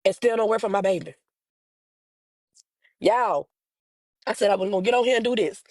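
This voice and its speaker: A woman's voice: mid-range voice, normal speed, darkish tone, dry recording, low-quality recording. A young woman making an emotional, pleading plea to camera about her missing sister, her voice breaking into tears as she repeats herself.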